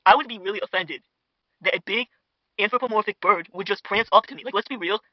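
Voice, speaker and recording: Young man, high-pitched, fast-talking, gossipy parody commentary host, filler-heavy rambling, dry lo-fi podcast mic at home. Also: no echo. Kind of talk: parody internet drama commentary. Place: home dinner table.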